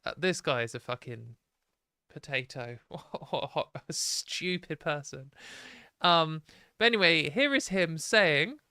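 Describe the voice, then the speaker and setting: A woman's voice: low-pitched, animated, slow pace, bright, forceful tone, smooth, no room sound, clean studio sound. A young British woman hosting a livestream, ranting in exasperated, sweary, sarcastic commentary. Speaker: livestream host.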